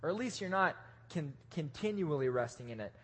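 A man preaching a casual, joking sermon to a live audience, with lively restarts. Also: fairly high pitch, a little fast, breathy edge. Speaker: pastor. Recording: echoey hall.

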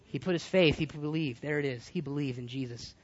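Animated high-voiced male preacher. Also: brisk. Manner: animated, rising and dropping between loud and hushed. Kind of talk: sermon. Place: California. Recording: dull lo-fi recording.

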